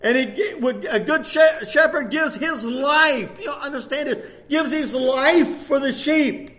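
An older man in his sixties preaches with a lilt. His voice sits very high for a man, and he pushes his points with fervent repetition, building to shouted emphasis. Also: a little slow. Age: 60s. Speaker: pastor. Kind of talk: sermon.

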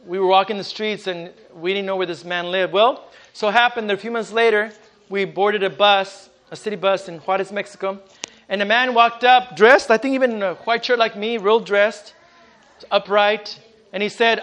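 A man's voice: high-pitched, fairly bright tone. A man preaching a sermon with personal testimony, fervent, and often breaking into exclamations of praise. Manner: repeats words at the start of phrases. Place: church service with congregation.

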